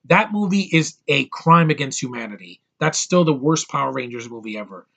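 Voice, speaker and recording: A man's voice: mid-range voice, lively intonation, a little fast, gravelly, pushed and bright, muffled recording. A man in his thirties giving an angry, profane movie review rant, hammering his points with emphatic repetition. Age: 30s.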